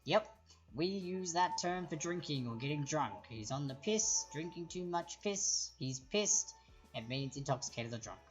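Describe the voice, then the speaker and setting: A woman's voice: low voice, animated, unhurried, soft background music. An Australian woman hosting a live-streamed trivia quiz, chatty and explanatory as she reads out the answer options. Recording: dull lo-fi stream audio.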